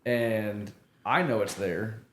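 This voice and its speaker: A man's voice: fairly low pitch, takes it slowly, fairly bright tone. A man who is a guest on a podcast, chiming in casually and cursing easily. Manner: chiming in, profane, easygoing. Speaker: guest motorcycle rider. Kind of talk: casual chat. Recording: echoey room.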